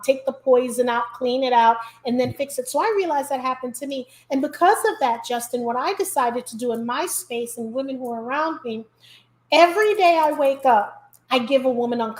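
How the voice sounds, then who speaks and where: A high-pitched woman with a New York accent talks in an animated, emphatic way as she hosts a casual interview. Her voice rings in a roomy, echoey space. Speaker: host.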